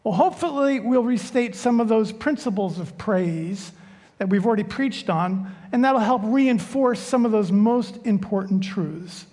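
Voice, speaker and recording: Unhurried preacher in a reverberant hall. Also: male voice, high voice, a little mellow. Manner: unhurried, joking storyteller. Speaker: pastor. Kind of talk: sermon. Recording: long church reverb.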